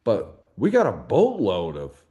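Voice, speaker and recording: A man's voice: fairly low pitch, wildly swooping pitch, measured pace, dark tone, lo-fi sound. A man talking as a podcast guest and advocate for hunters, in a folksy, emphatic conversational way. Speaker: hunting rights advocate, guest.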